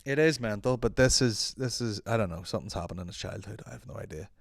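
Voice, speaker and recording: Lively, swearing Irish podcast host. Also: male voice, lowish voice, fast talker, creaky, no room sound, studio quality. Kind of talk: solo podcast chat.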